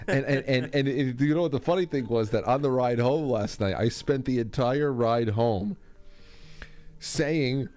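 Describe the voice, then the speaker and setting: A man's voice: mid-range voice, measured pace, a little mellow, faint music behind. A man hosting a podcast, rambling in casual comedic chat and often breaking into laughter. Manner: rambling, laughing, self-interrupting. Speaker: podcast host.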